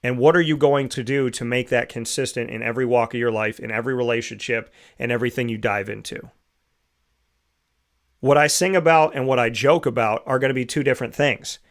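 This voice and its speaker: A man's voice: mid-range voice, fairly even intonation, fairly quick. A male show host talks through a motivational monologue in a mid-range voice. He is reflective and keeps drawing the listener in with rhetorical questions.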